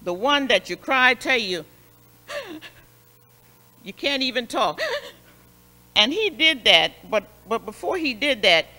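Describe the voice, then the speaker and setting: A woman Sunday school superintendent telling a Bible lesson as a story, expressive and repeating phrases for emphasis, in a church. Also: medium pitch. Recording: long hall reverb.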